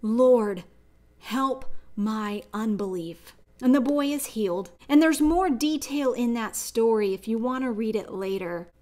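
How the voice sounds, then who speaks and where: A woman's voice: a little high, moderate pace, few pauses, warm tone. A woman giving a devotional Bible teaching, talking in an earnest, reflective way and telling a personal story along the way.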